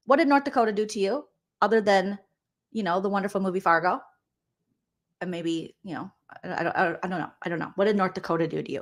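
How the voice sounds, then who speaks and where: A woman's voice: mid-range voice, fast talker. A woman comedian giving sassy, sarcastic reaction commentary, often laughing as she talks. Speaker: comedian vlogger reacting to reality TV.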